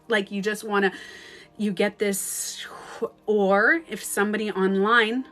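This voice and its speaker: Canadian woman talking live off her phone, gets loud and animated, bit of music behind. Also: mid-range voice, a little slow. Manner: animated, with sudden loud outbursts. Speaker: life coach. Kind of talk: casual livestream talk. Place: at home, streaming live.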